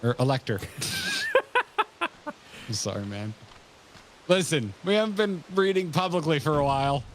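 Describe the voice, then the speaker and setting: A man casually chatting on a game stream, playful and quick to laugh at his own slips. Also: fairly high pitch, huge pitch swings, fairly bright tone, a little hiss or hum.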